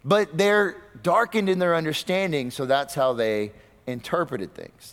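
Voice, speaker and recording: A man preaching a sermon, asking his listeners rhetorical questions and swinging between loud, high bursts and low, quiet stretches. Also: measured pace. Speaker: pastor. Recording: long reverb of a hall.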